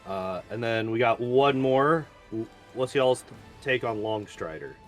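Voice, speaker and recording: A man guesting on a gaming podcast with a mid-pitched voice. His takes are blunt and firmly opinionated, with faint music behind. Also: animated, measured pace. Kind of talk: casual gaming podcast chat.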